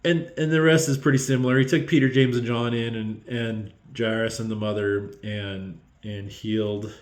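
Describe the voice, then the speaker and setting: A man giving a heartfelt, unscripted Bible devotional, halting with many pauses and restarts, close to tears. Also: fairly low pitch, steady tone, reverberant. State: tearful.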